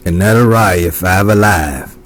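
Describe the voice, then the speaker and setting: A man's voice: deep voice, measured pace, noisy background. A man talking casually over a CB radio handset, drawling and repeating his catchphrases. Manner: drawling, repeats "no doubt about it". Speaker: CB radio operator. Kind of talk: CB radio chatter.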